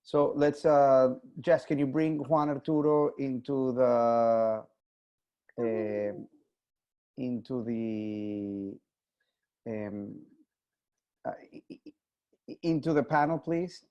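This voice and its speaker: A theater director hosting a panel over a video call, talking in a halting way with many fillers and restarts. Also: male voice, mid-range voice, fairly even intonation, mellow, clear, resonant tone, dull audio. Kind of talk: casual video-call chat.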